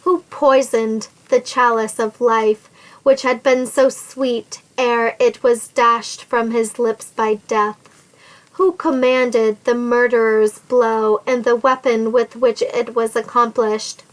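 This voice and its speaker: A cold, sneering nobleman bent on revenge, read by a woman with a fairly high voice. He threatens and taunts in stately old-fashioned phrasing, delivered slowly and deliberately. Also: flat delivery, rough recording. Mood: menacing. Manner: sneering, menacing, archaic formal speech. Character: scheming, vengeful nobleman threatening a captive woman.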